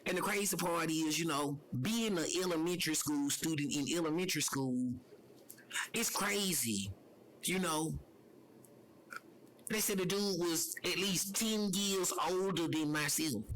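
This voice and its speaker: Man, slightly higher voice, personal monologue, rambling, repetitive, faint hiss behind. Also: a little slow, a bit bright, rough recording. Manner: rambling and repetitive, circling back to the same phrases; earnest, heavy use of "you know". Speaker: personal vlogger.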